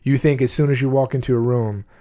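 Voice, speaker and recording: This man in his twenties or beyond has a mellow, medium-pitched voice with fairly even intonation and speaks fast. He candidly tells his viewers his life story, bluntly and emotionally, often starting his sentences over.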